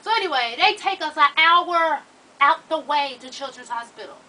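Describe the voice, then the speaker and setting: A woman vlogger telling a personal story to her viewers in an animated, profane, slang-heavy way. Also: sits high, moderate pace, distant mic, low-quality recording.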